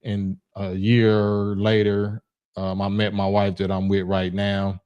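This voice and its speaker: A man's voice: low voice, monotone, takes it slowly, a little mellow, clean tone, lo-fi sound. A middle-aged man from Los Angeles hosting a livestream call-in, talking bluntly in casual street slang with frequent restarts. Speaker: livestream host.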